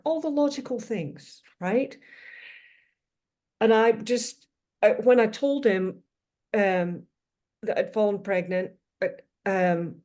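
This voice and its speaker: A woman in her fifties speaks as a podcast guest, with a somewhat low voice. She tells her story in a thoughtful, reflective way and often circles back to restate a point. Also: darkish tone. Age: 50s.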